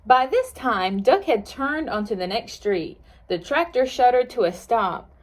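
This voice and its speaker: Librarian lady reading a picture book to kids, slow and bouncy, talks to the kids now and then. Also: fairly high pitch. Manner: slow, expressive read-aloud with playful asides to listening kids. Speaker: children's librarian.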